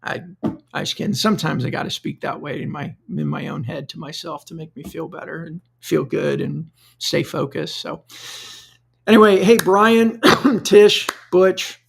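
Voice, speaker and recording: Gravelly-voiced man hosting a solo podcast. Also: on the high side, normal speed, slight background noise. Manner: conversational, loose, repeats words while thinking. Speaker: podcast host. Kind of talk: solo podcast monologue, live-streamed.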